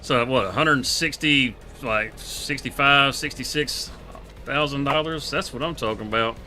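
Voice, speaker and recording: A man with a drawl chats through a live farming game stream, loose and laughing. His voice is bright and forceful, and faint music hums behind him. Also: mid-range voice, a little slow. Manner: laid-back, laughing, drawling country talk. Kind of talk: casual live gameplay chat.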